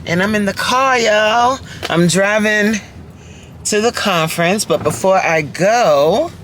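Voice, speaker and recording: A woman in her forties, a fitness coach vlogging casually from her car, talking straight to viewers with lively rhetorical questions. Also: mid-range voice, slow pace. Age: 40s. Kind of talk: casual chatty vlog while driving. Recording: faint car noise in background. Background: faint road and vehicle noise.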